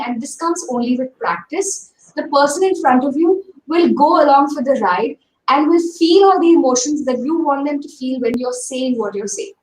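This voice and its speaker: A woman giving an animated webinar talk on speaking, over a video call. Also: sits high, echoey room, recorded from a distance, slight background noise, poor audio. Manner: animated, demonstrates pace and tone with her own voice. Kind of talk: lively teaching talk.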